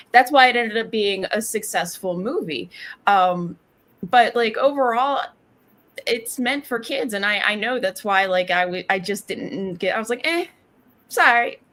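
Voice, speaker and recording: A woman's voice: medium pitch, fairly bright tone. Rambling woman chatting about movies. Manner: rambling, heavy use of "like" and "um". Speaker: podcast co-host. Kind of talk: casual movie review chat.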